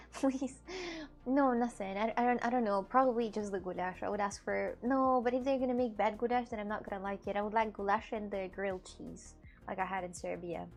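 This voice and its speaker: A woman's voice: mid-range voice, steady tone, fairly quick, soft background music. A young woman live-streaming from her home setup, chatting casually with her audience, laughing often and swearing freely. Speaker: live streamer reading chat.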